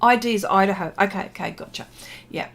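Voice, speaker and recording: A woman's voice: medium pitch, fast talker, a bit bright. A middle-aged woman hosting a casual art livestream, chatting, reading viewer comments aloud and laughing often. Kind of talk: casual livestream chat while painting.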